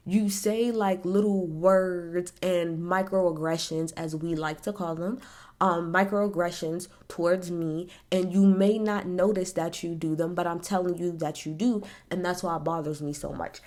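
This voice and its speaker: Woman, casual opinionated recap, blunt, animated, swears freely. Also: fairly low pitch, a little slow. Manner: blunt, animated, swears freely, talks straight at the people she discusses. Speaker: reality TV recap host.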